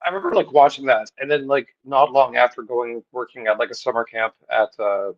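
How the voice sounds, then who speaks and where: A man's voice: medium pitch, brisk, no echo, lo-fi sound. A man chatting as a guest on a livestream, rambling with lots of "like" and laughing as he goes. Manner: rambling, heavy use of "like", laughs mid-sentence. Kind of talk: casual livestream chat.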